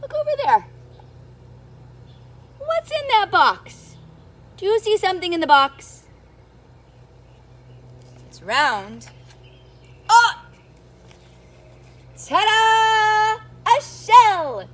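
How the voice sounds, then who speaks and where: Animated, sing-song woman reading to kids. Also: very high voice, takes it slowly, pauses often. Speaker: children's storyteller. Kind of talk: reading a picture book aloud to young children.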